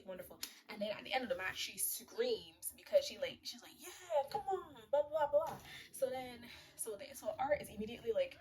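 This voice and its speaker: Chatty young woman recapping a movie. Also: medium pitch. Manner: chatty, slangy, joking asides.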